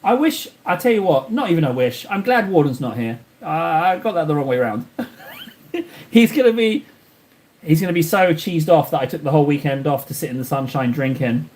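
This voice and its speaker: A man's voice: fairly high pitch, expressive, fast, hardly any pauses, darkish tone. A man chatting casually on a live stream while painting miniatures, rambling and joking at his own expense. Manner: rambling, joking, self-mocking.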